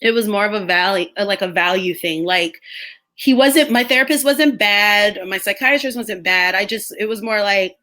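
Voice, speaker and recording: A woman's voice: medium pitch, normal speed, sharp tone. A young woman hosting a casual live stream, chatting loosely with viewers, laughing often and drifting between topics.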